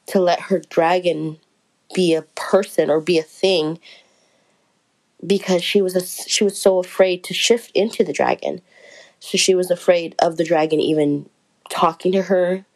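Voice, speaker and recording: A woman's voice: lowish voice, a little mellow, rough recording. A woman chatting casually through a book review, rambling and correcting herself as she goes.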